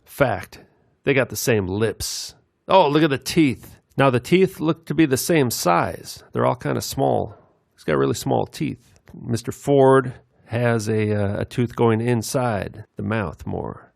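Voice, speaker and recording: Gravelly man rambling over clips. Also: mid-range voice, dry recording, clean studio sound. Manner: meandering, with many filler pauses. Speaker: video commentator.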